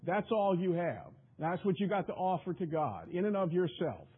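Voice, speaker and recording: Husky high-voiced preacher on tinny radio. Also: male voice, sing-song, normal speed. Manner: emphatic, repetitive, stumbling restarts. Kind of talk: sermon.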